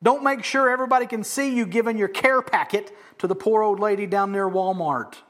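High-voiced pastor preaching with punchy emphasis. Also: male voice, fairly quick. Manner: emphatic, swinging between loud stresses and soft asides; conversational, joking preaching. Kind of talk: sermon.

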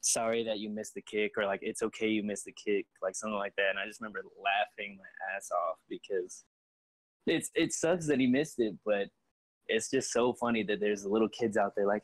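A young man in casual sports chat, relaxed and slangy as he tells stories. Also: fairly low pitch, moderate pace, no echo, rough recording.

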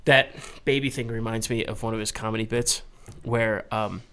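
A young man co-hosting a podcast, telling stories in casual banter, profane and animated, laughing often. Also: lowish voice, normal speed, smooth. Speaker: podcast co-host.

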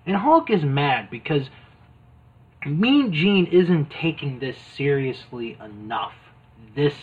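A man's voice: medium pitch, slightly rough. Man rambling through a story, phone-like audio. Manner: rambling, amused storytelling with fillers. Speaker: host retelling an old wrestling videotape. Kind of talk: casual chat. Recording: tinny phone-like sound.

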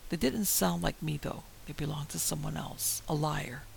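A man tells a first-person horror story in a heavily gravelly, slightly high voice, keeping the telling dramatic and tense. A faint hiss sits under the recording. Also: fairly even intonation, moderate pace, low-quality recording. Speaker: narrator.

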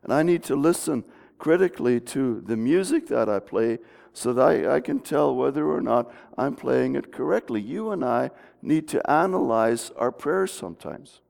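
A man's voice: mid-range voice, expressive, moderate pace, vocal fry, a little mellow. A middle-aged man preaching a folksy, conversational sermon in a church, often restarting his sentences. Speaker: pastor. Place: church sanctuary. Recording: long reverb of a church hall.

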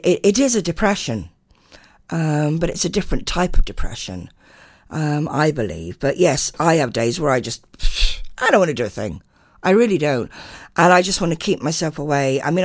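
An older woman hosting a radio show, chatting casually and reading listener messages, her voice a bit hoarse from a chest infection. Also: brisk, dry recording, clean studio sound. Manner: chatty and animated, swooping pitch. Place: radio studio.

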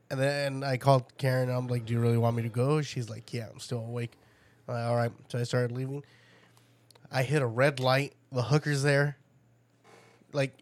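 A man's voice: medium pitch, no room sound. A man in casual chat, telling crude stories with lots of laughter and acted-out quotes. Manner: crude, laughing storyteller who acts out quotes.

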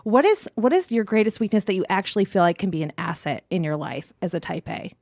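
A woman's voice: medium pitch, animated, fast talker, gravelly, darkish tone, dry recording, studio quality. A woman co-hosting and interviewing on a podcast in casual chat, upbeat and encouraging, laughing often.

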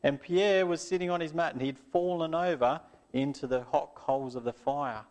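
Man, children's story reader, fairly high voice, gentle, closing prayer. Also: moderate pace.

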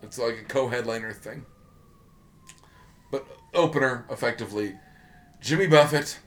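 In a mid-range voice at normal speed, a male podcast co-host rants with sarcasm, getting heated and cursing as the casual comedic bit goes on.

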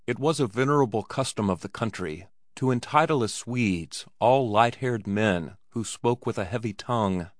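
A man narrating a story aloud in a steady storytelling delivery. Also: medium pitch, moderate pace, few pauses, no echo, studio quality. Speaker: audiobook narrator. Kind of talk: scripted narration.

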